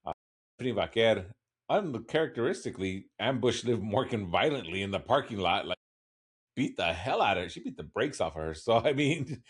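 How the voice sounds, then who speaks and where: A man in casual podcast conversation, rambling along with a wry laugh here and there. His voice sits a little low for a man. The delivery is loose and conversational. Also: breathy edge. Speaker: podcast co-host. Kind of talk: casual recap chat.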